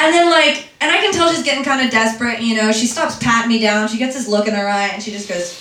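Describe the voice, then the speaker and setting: A young woman from Philadelphia telling a stand-up story in a chatty, self-deprecating way, with quick asides. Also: on the high side, pushed and bright. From Philadelphia, USA. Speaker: stand-up comedian. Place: comedy club stage. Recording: echoey room, distant mic, audience laughter.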